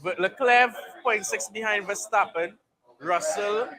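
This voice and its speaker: A man hosting a live race watchalong, excitable and breaking into shouted mock commentary. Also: high-pitched, a little slow. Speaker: livestream host. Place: bar and grill. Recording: noisy bar crowd behind.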